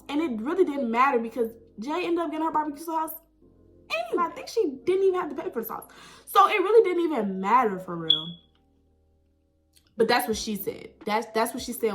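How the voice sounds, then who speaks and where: A young woman telling a personal story in a chatty, animated way, full of "like" and "right?". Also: on the high side, poor audio. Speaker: vlogger. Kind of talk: casual storytime.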